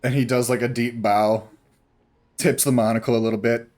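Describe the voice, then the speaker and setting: A young man narrates as game master of a tabletop fantasy game. He talks loosely, piling on fillers and asides as he describes the scene, in an average-pitched, everyday voice. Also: flat delivery, moderate pace, darkish tone.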